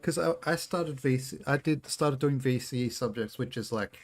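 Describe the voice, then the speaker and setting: A young Australian man streams a game and chats with viewers, joking loosely, swearing freely, and laughing often as he gives casual commentary. His voice is mid-range at a normal speed, with faint music in the background.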